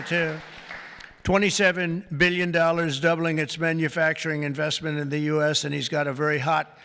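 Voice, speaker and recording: Gravelly man speaking in a big hall. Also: fairly high pitch, fairly bright tone. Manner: rambling, jokey asides between formal introductions. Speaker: speaker introducing executives at a press conference. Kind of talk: off-the-cuff press conference remarks. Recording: long reverb of a large hall.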